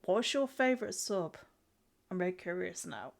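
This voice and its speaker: Her voice lowish and creaky with lively intonation, this young streamer and artist talks at a moderate pace while she draws. Congested from a cold, she giggles a lot, responds to chat, and keeps starting her sentences over.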